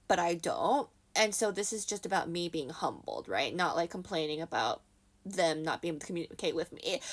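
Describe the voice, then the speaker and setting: A young woman vlogger telling a casual storytime, animated and self-deprecating, acting out quotes with laughs. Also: mid-range voice.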